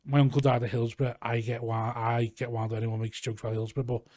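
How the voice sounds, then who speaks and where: Fast-talking Scouse comedian, dry close sound. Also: male voice, medium pitch, no echo. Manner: rambling, animated storytelling with swearing. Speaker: comedian guest. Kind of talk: casual podcast chat. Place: garage.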